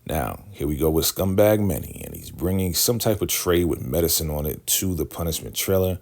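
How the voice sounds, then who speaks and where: A man with an extremely low, gravelly voice recaps a TV drama in casual slang. His delivery swings lively up and down as he acts out each scene, and his tone stays husky throughout. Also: brisk. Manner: animated, slangy, acts out the lines. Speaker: TV recap creator.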